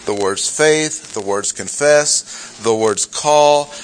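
Slow, deliberate male Bible teacher. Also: fairly high pitch, poor audio. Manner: slow, deliberate, stressing key words; reads scripture aloud, self-correcting asides. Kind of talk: expository sermon.

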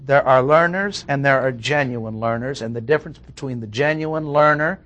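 A man's voice: medium pitch, normal speed, fairly bright tone. A man preaching an expository sermon, reading Bible verses and stressing points methodically. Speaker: pastor.

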